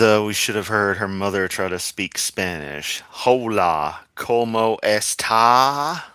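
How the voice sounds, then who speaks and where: A man with a lowish voice that stays bright and forceful. He hosts a live reaction stream, chatting casually and mocking the clips with sarcasm. His voice is recorded dry, with no room echo. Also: clean tone. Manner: sarcastic and mocking, with frequent laughs. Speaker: livestream host reacting to clips.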